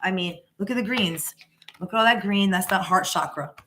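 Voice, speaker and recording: A woman's voice: medium pitch, normal speed, fairly bright tone, slight background noise. A woman giving a casual live tarot reading, rambling and emphatic, with frequent restarts. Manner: rambling, with many restarts and repeated "you know"; emphatic and encouraging. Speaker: tarot reader.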